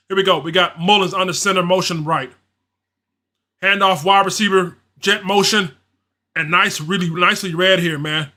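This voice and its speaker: Hosting a fan livestream, this man speaks at a moderate pace in a high, pushed and bright voice with fairly even intonation. His play-by-play is casual, and his reactions come out as a frustrated, slangy, repetitive rant.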